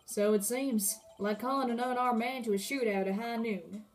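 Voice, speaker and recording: A woman's voice: fairly high pitch, moderate pace, soft background music, natural voice. A woman voicing a swaggering male cowboy police officer with a put-on Texan drawl and folksy sayings.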